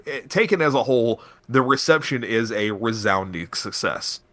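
A man's voice: mid-range voice, animated, moderate pace, fairly bright tone. A man narrating a tabletop game as game master, setting scenes in a loose, descriptive way.

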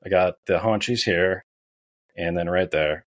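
A man's voice: sits low, a little slow, no room sound, studio quality. A man in his thirties from Wisconsin, a podcast guest talking casually and loosely, with fillers and restarts. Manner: relaxed, rambling, with fillers and restarts.

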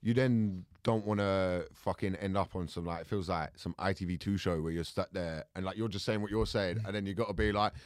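A man who co-hosts a podcast and does comedy, chatting in quick, rambling banter full of slang. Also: low voice, no room sound, studio quality. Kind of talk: casual podcast chat.

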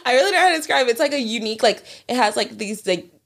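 A woman's voice: a little high, animated, very fast, a bit bright. A woman in her twenties, a podcast co-host, rambling through stories in casual chat with many fillers and giggles.

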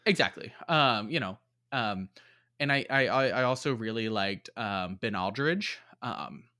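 A man's voice: mid-range voice, expressive, a little slow, pushed and bright. A man casually reviewing a movie on a podcast, rambling with lots of fillers. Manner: rambling, many fillers and likes. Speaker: podcast co-host.

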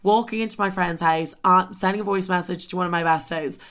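A young woman telling a story in a casual, animated way, swearing often and saying "like" constantly. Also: lowish voice, fairly quick. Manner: animated, swears a lot, heavy filler "like".

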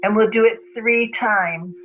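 Calm female meditation guide, leisurely pace, recorded with muffled sound. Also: on the high side, a little hiss or hum. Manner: slow, calm, guiding. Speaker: spiritual teacher guest. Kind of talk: guided breathing and mantra meditation.

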